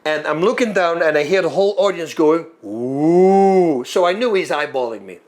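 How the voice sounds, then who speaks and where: A former fighter telling a long story in a lively way, acting out moves and sounds as he goes. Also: a little high, quick pace. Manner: animated, acts out moves and sounds. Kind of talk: storytelling monologue.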